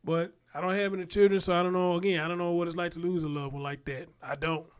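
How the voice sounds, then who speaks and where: A man's voice: high voice, flat delivery, fast talker, smooth. A man, rambling in casual live-stream commentary and talking straight to his viewers. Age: 40s.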